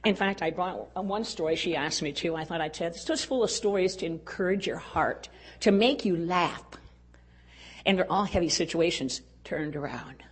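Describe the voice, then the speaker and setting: Older lady with a husky, low-ish voice telling a heartfelt story to a room, goes quiet at the tender bits. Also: normal speed. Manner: earnest, personal, drops to a hush at tender moments. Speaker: speaker at a women's conference. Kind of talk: storytelling talk.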